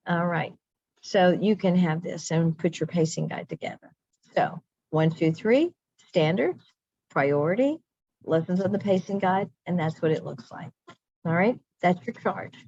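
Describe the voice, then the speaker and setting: A woman's voice: lowish voice, darkish tone, no room sound. Chatty woman teacher trainer, dull dry audio. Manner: chatty, repeats phrases for emphasis. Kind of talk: professional development lesson.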